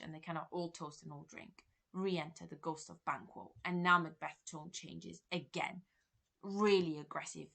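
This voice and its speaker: A woman's voice: fairly low pitch, sharp tone. A woman teacher and examiner, explaining a play in a revision lesson and paraphrasing quotes in plain words.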